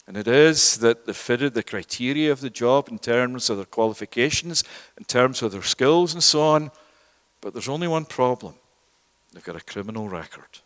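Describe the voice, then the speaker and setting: A man with a high voice preaches a sermon, pressing his points by repeating key words. His voice rings with the long reverb of a church hall. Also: fairly bright tone. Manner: emphatic, repeats words for stress.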